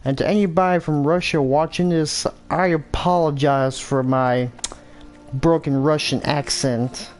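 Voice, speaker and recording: A man's voice: a little high, fairly even intonation, a little slow. An American man giving casual, rambling commentary over a hunting game, thinking aloud and correcting himself as he goes. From United States. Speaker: gameplay commentator.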